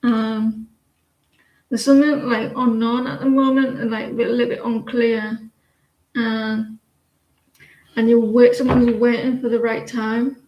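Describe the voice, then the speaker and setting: A woman's voice: fairly high pitch, little pitch movement, a little slow, pauses often, echoey room, dull audio. A woman in her forties giving a live tarot reading, rambling with lots of fillers and restarts. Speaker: tarot reader. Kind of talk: live-stream tarot reading and casual chat.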